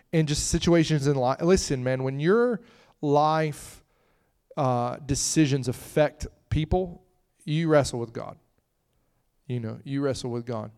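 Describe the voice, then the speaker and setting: A man's voice: a little mellow, smooth. Man preaching a casual, laughing sermon. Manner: conversational preaching, breaks into high-pitched laughing fits.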